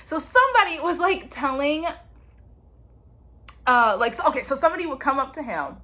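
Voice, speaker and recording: A woman's voice: sits high, animated, moderate pace, sharp tone. A young woman vlogger recapping a TV show in a playful, chatty way, saying "like" constantly. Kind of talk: casual TV recap chat.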